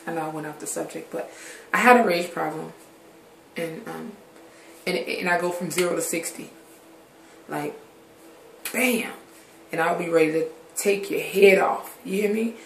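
A woman's voice: fairly low pitch, moderate pace, creaky, long pauses, slight background noise. Frank rambling woman in an echoey room. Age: adult. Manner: rambling, drifts from subject to subject; frank, swears casually. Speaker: vlogger. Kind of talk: candid personal vlog talk. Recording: roomy echoey recording.

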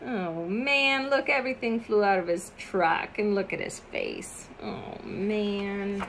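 A woman's voice: medium pitch, very animated, slow pace, hardly any pauses, a bit bright, a little hiss or hum. A woman reading a picture book aloud expressively, adding chatty asides about the pictures.

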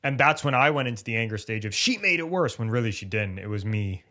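A man co-hosting a podcast on sports injury recovery, who talks casually and acts out the thoughts of injured athletes in lively bursts. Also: on the low side, fast talker. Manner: animated, acts out athletes' inner voices.

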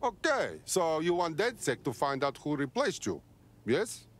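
An eager, streetwise resistance recruit from a video game. His high voice leaps wildly in pitch. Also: huge pitch swings, a little slow.

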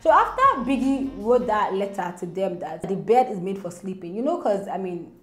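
A woman, chatting excitedly as a gossip vlogger to her viewers. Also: mid-range voice, normal speed. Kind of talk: casual gossip commentary to viewers. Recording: roomy echo with faint music.

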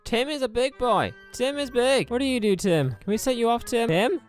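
A young man giving excitable, exclamation-filled commentary while playing a game, swearing and talking to the objects on screen. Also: very high-pitched, moderate pace, soft background music. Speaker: gaming YouTuber. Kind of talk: let's play commentary.

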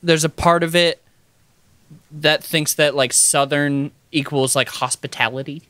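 A young man chatting on a podcast, thinking out loud and hedging with fillers and unfinished sentences. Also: fairly high pitch, fairly even intonation, unhurried, clear, resonant tone, no echo. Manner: thoughtful, hesitant with fillers and trailing sentences. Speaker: podcast co-host. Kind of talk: casual chat.

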